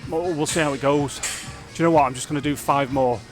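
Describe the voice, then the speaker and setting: A man talking casually to camera in a fitness vlog, energetic and rambling, reflecting openly on his days. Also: fairly high pitch, fast, music in the background. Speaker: fitness vlogger.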